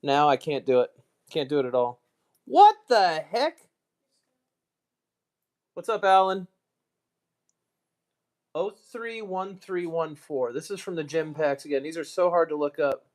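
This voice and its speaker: A man's voice: fairly high pitch, moderate pace, pauses often. Man, American accent, casual live-stream chat, rambling, muttered asides, self-mocking. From United States. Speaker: streamer, card collector.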